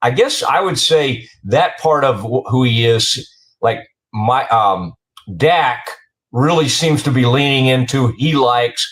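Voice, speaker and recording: A man hosting a sports talk show, asking rambling questions with many halting restarts. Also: mid-range voice, a bit bright. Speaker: show host.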